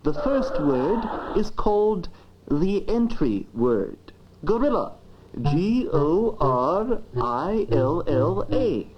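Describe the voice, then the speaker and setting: Voicing a self-important dictionary for an instructional film, a woman lectures in a fussy, grandiose manner. Her medium-pitched voice is very animated yet slow, with slight background noise in the dull, lo-fi vintage film audio.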